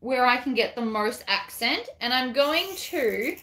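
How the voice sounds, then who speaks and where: A woman's voice: fairly high pitch, lively intonation, measured pace, pushed and bright, reverberant. A woman giving a chatty, self-deprecating craft tutorial while she works.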